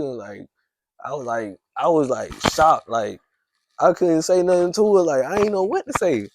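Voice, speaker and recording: A man's voice: a little high, lively intonation, moderate pace, darkish tone, slight background noise. Podcast host man telling a story. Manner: rambling, heavy use of "like", frequent restarts. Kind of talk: casual storytelling chat.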